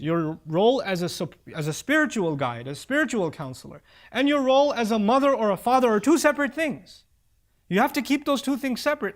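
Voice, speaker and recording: A man with a notably high voice preaches about parenting, earnest and direct. He drives his points home by repeating key lines and recites Arabic verses at speed. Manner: recites Arabic scripture quickly. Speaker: Islamic preacher. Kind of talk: religious talk on parenting.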